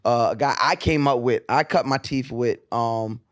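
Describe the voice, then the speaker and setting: A man's voice: medium pitch, normal speed, no room sound. A man co-hosts a podcast and keeps the talk loose with jokes and banter. His voice sits in a middle register. He speaks casually, in a studio. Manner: playful, joking banter. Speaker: podcast co-host.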